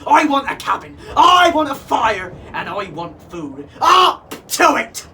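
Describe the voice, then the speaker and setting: A man voicing a greedy, bad-tempered pirate captain who shouts orders. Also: extremely high pitch, big pitch swings, slow pace, recorded from a distance, a little hiss or hum, voice pushed up, heavily acted. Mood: bossy. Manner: shouting, gruff.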